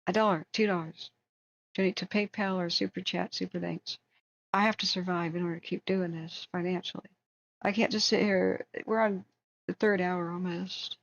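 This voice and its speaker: Woman livestream host, gravelly low voice, rambling and opinionated, dull lo-fi audio. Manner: rambling, opinionated, reads chat aloud. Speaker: livestream host tracking wildfires. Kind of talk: casual livestream chat.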